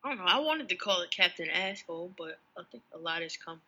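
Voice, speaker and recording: Bright-voiced podcast co-host. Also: mid-range voice, expressive, fast, poor audio. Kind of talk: casual chat.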